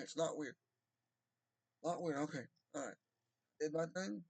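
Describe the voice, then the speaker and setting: A man's voice: on the high side, unhurried, vocal fry, long pauses, slightly rough, no echo. A man talking in a casual, rambling monologue, drawling and swearing freely. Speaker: vlogger.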